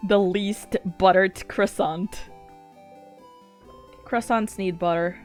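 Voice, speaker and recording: Woman game streamer, casual commentary, swears and laughs a lot, hushed when reading story text, faint music behind. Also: mid-range voice, takes it slowly. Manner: excitable, swears freely, laughs often.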